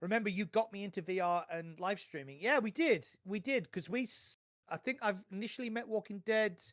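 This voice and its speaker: High-voiced excitable man on a podcast. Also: a little fast. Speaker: podcast co-host. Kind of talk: casual podcast chat.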